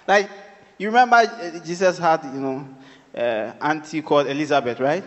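Ghanaian man, stand-up comedian, slightly high voice, playful crowd work, echoing hall. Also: normal speed, fairly bright tone, highs cut off. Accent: Ghanaian English. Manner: crowd-working, playful, switches between English and local phrases. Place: live venue with audience.

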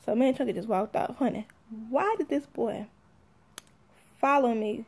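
Young woman, AAVE, high gravelly voice, sassy storyteller acting out quotes. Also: moderate pace. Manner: animated, sassy, acts out quotes. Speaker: mother telling a story. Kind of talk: casual storytelling.

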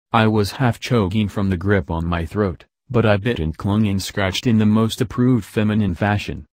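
A man narrating an audiobook in a steady, measured storytelling manner. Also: lowish voice, dry recording. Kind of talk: scripted narration.

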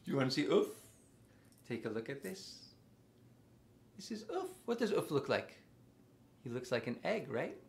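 A man hosting a children's music lesson, speaking slowly and simply to small children and asking them questions. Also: medium pitch, very animated, gravelly. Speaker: children's music teacher and host. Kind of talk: children's sing-along lesson. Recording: loud background noise.

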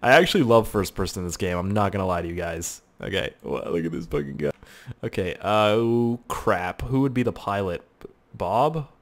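A man giving excitable let's-play commentary on a flight game, swearing and laughing at his own crashes. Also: lowish voice, normal speed. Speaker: gaming YouTuber.

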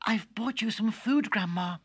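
A man's voice: high-pitched, a little slow, fairly bright tone, slightly rough, voice pushed up, full character voice. A man voicing a sweet, trusting little girl on a children's story tape, eager and wide-eyed. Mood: innocent.

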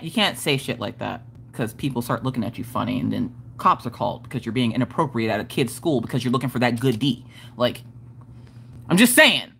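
A woman's voice: deep voice, pushed and bright, husky. A woman hosting a casual craft livestream, rambling and joking with chat, often laughing and swearing. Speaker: livestream host.

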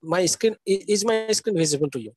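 A male lecturer teaches a class over a video call. His voice sits a bit high and husky, recorded dry and close. He keeps checking in with the students as he goes. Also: animated, fairly quick, darkish tone, no echo, poor audio. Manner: repeats "okay" and "isn't that" as checks. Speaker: English literature lecturer. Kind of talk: live online lecture.

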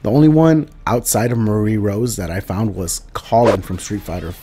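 A man giving joking, profane commentary over a fighting game, dropping into mumbled asides and rising into loud outbursts. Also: lowish voice, normal speed, background noise. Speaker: gaming video host. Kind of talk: casual gameplay commentary.

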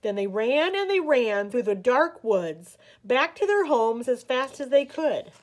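An American woman reading a picture book aloud at a library story time, slow and expressive. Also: fairly high pitch. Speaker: children's librarian.

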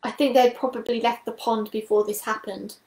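Woman voicing a storybook fox, calm, gentle, encouraging, echoey room. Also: fairly high pitch, a little fast, natural voice. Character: calm, kindly male fox.

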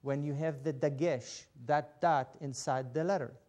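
A man teaching a Biblical Hebrew lesson, patient and deliberate, spelling out each step. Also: fairly high pitch, steady tone, darkish tone. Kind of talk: slow instructional lesson.

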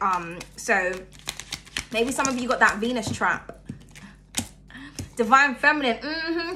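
A young woman giving a casual tarot reading, chatty and laughing often, her voice jumping between loud bursts and hushed asides. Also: fairly high pitch, noisy background. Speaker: tarot reader.

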